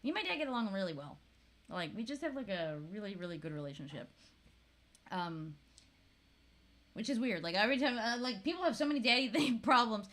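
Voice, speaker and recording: Woman, 30s, from Florida, casual vlog chat, laughs a lot, swears freely, bright voice, high and lively pitch. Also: a little fast, pauses often. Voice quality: laughs often, swears casually, animated storytelling. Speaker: vlogger.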